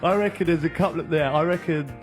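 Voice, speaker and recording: A man, a former striker, chatting in a relaxed, hesitant way with plenty of ums. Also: on the high side, fast talker, music in the background. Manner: relaxed, hesitant, full of ums and you-knows. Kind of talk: casual chat.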